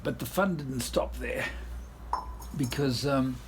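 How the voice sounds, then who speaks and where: Outdoors in a garden and yard, a South African-born man vlogs casually, laughing often as he tells a tired, rambling story. He speaks slowly at a medium pitch, with a little hiss or hum in the audio.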